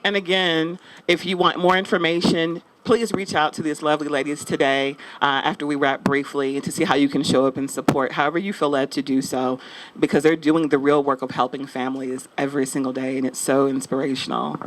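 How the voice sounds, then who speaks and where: A man's voice: on the high side, little pitch movement, fairly quick, a bit bright, slight background noise, poor audio. A man giving a chatty, playful speech at an outdoor mural dedication, upbeat and joking with the crowd.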